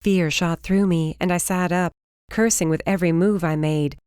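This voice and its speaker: Female audiobook narrator, lower voice, dry close recording, steady first-person read. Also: moderate pace, clean tone, no echo.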